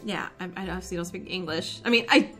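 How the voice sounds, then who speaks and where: A woman's voice: lowish voice, fast talker, fairly bright tone. A woman hosting a game playthrough, making giggly joking asides, with faint game music behind. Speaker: gaming video host. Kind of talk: let's play commentary.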